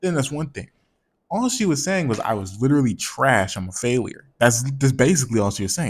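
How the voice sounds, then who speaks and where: A man's voice: medium pitch, very animated, fast, breathy edge. A man telling a personal story in a casual storytime monologue, slangy and profane, rambling and repeating words.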